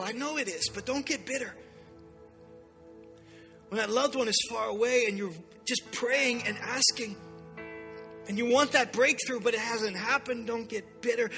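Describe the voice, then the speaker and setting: A man's voice: very high-pitched, normal speed, sharp tone, soft background music. A man preaching a sermon to a church congregation, urgent and impassioned. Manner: impassioned preaching, acting out God's voice in quotes. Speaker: pastor.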